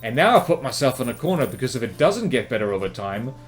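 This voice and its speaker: A man's voice: medium pitch, sing-song, fast talker. A man from New Zealand with a New Zealand accent, giving rambling, self-mocking commentary over his gameplay. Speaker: gaming commentator.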